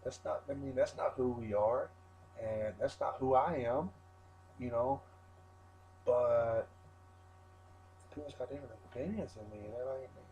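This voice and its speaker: A man's voice: mid-range voice, unhurried, long pauses, warm tone, lo-fi sound, a little hiss or hum. A wrestler in a rambling, defiant interview rant, swearing constantly and restarting his sentences.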